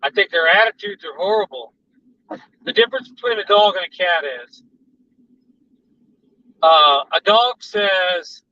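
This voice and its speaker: In a dull, distant recording full of road noise, a man vlogs from his car on a highway, rambling through chat and stories. His voice is high, pushed, and bright, expressive and unhurried, with long pauses.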